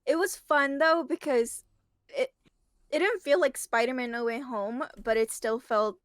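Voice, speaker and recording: A woman chatting casually as a guest, animated and giggly as she retells things. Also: high-pitched, unhurried, no echo, clean studio sound. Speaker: guest reviewer. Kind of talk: casual chat.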